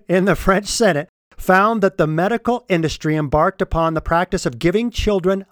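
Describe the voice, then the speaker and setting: A man's voice: on the high side, no echo, clean studio sound. A man delivering opinion commentary, stressing and repeating key words as he reads from a report.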